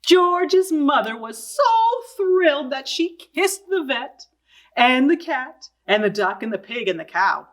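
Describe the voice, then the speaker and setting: A woman librarian reading a picture book aloud to young children, expressive and asking them questions. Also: high voice. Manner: slow, sing-song and expressive, asking young listeners questions.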